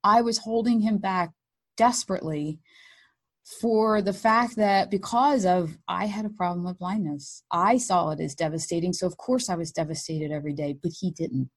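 A woman, a mother being interviewed, tells a personal story in an animated, candid way and acts out what she and others said. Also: lowish voice, moderate pace, husky. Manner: animated and candid, acting out her own and others' words. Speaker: guest, mother of blind sons.

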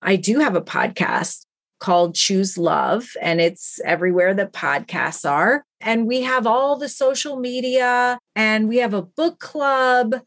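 A woman guest on a podcast, telling stories in an earnest, animated way about the work she does. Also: on the high side, measured pace. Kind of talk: enthusiastic interview talk.

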